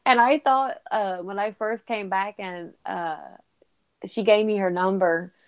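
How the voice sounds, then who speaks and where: A woman's voice: mid-range voice, measured pace, clean tone. A woman from North Carolina with a faded Southern accent, chatting and telling stories with lots of giggles. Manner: giggly, drawling storyteller. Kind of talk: casual chat.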